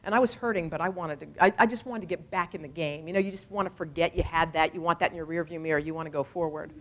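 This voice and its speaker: A woman's voice: sits low, quick pace. Candid woman telling a personal story. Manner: animated, acts out conversations in different voices; candid and conversational, many asides. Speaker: TV morning show anchor.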